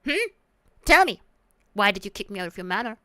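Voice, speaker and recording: A young woman streaming a game, loud and excitable, swearing and mocking the characters she meets. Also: medium pitch, fairly quick, no echo, clean studio sound.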